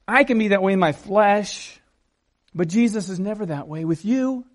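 A man preaching a sermon in an animated way, acting out the scenes and shouting the quoted cries. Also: high voice, normal speed. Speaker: pastor.

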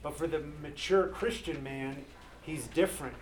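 A man in his thirties preaching an earnest, animated sermon to a men's group as pastor. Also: a little high, measured pace, slight background noise. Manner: earnest, animated, acts out quoted voices.

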